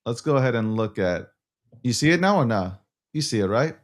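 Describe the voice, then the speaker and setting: A man's voice: medium pitch, animated, a little fast. A man hosting a live crypto stream, talking in a brash, profane, boastful way. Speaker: show host.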